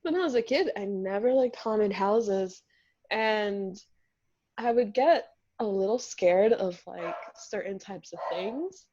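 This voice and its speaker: A woman from the United States co-hosting a podcast, chatting casually and slowly with a relaxed, hesitant manner. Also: medium pitch. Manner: slow, relaxed, hesitant with fillers. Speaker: podcast co-host. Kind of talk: casual chat. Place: home recording. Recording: muffled lo-fi mic.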